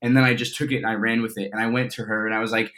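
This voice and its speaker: A man's voice: on the low side, racing. Chatty young man telling a story. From Colorado, US. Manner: chatty, animated storyteller with fillers. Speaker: actor guest. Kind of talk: casual storytelling interview.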